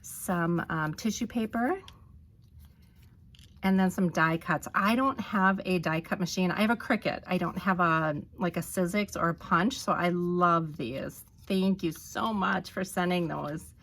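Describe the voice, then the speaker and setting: A woman vlogger narrating an unboxing, gushing with delight and often pausing with ums. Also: lowish voice, a bit bright. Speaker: crafting vlogger.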